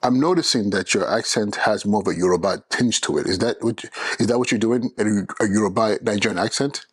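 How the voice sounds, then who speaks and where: Earnest male educator hosting a solo podcast; low, husky voice. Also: brisk, dry recording. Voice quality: earnest and persuasive, with frequent restarts.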